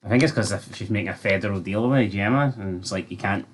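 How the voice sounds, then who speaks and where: A man co-hosting a casual TV review, blunt and sweary, picking holes in the plot. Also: on the low side. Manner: sweary, quick and blunt, questions plot points. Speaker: podcast co-host. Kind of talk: casual TV episode review chat.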